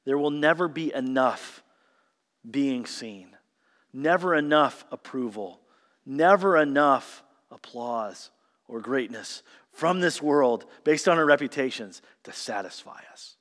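A man preaching a sermon, telling the story with emphatic swings from loud stresses to hushed lines. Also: medium pitch, expressive, takes it slowly. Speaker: pastor. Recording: long hall reverb.

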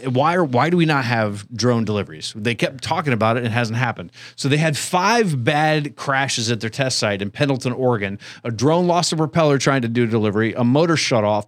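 A man's voice: medium pitch, no echo, studio quality. Rambling man hosting a podcast. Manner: rambling, restarts, joking. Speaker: podcast host. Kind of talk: casual chat.

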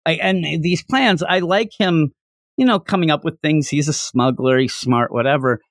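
A man's voice: fairly high pitch, moderate pace, no room sound, clean studio sound. A man in casual chat, rambling and restarting his sentences as he talks. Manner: rambling, chatty, self-interrupting.

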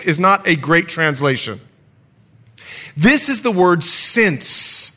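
Male pastor, fairly high voice with wide swings, animated storytelling sermon delivery in church. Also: takes it slowly. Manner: animated storytelling preacher, emphatic swings in pitch.

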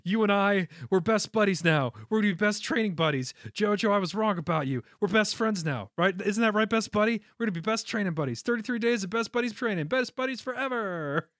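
A man's voice: sits high, lively intonation, a little fast, few pauses, fairly bright tone, dry recording, studio quality. A man doing a gushing, clingy young fighter. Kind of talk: retold quote in casual chat.

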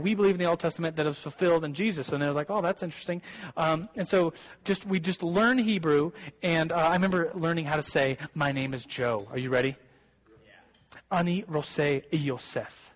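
A man's voice: on the high side, rough recording. A young man, a pastor, preaching a casual sermon and telling a personal story, with many restarts and asides.

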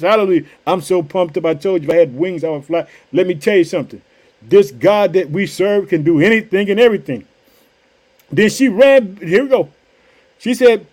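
High-voiced exclamatory male preacher. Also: animated, moderate pace. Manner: exclamatory, repeats catchphrases and hallelujahs. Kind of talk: energetic sermon with scripture reading.

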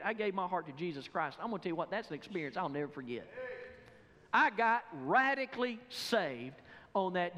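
A man preaching from the pulpit of a church, pressing his congregation with one rhetorical question after another. His voice sits high for a man and carries a lively, animated energy. The sound rings out with the long reverb of a large sanctuary. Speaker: pastor. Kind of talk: sermon.

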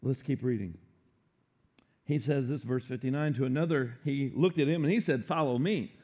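A man preaching a sermon, animated and playful, acting out quotes for humor. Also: medium pitch, moderate pace. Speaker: pastor.

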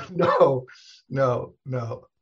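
Man, rabbi, casual chat, rambling storyteller, slightly husky voice, dull lo-fi sound. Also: medium pitch, extremely slow. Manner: rambling storyteller with many restarts and laughs. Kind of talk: casual conversation.

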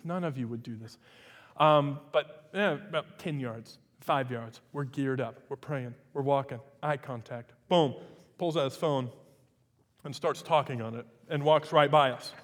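A male pastor whose voice sits a little high. He delivers a sermon, at times like a chat and at times loud and emphatic. The sound rings through a hall with a long reverb. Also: moderate pace. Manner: conversational storytelling, rising to loud emphatic preaching. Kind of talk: sermon with a personal story.

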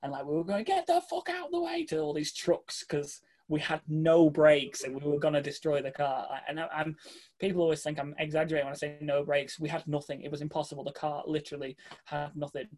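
Animated man telling a story. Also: on the high side, brisk. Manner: animated, swears freely, mimics people he met. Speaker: guest telling a travel story. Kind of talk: casual anecdote.

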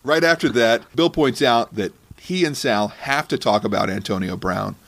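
A man's voice: medium pitch, moderate pace, creaky. Sarcastic man hosting a podcast. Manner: sarcastic, mocking. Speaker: podcast host. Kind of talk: comedic podcast commentary.

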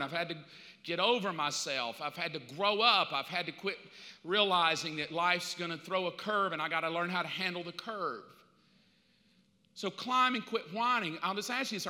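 A middle-aged male pastor preaching a sermon in a casual, animated storytelling way. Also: a little high. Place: church sanctuary. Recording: reverberant church hall.

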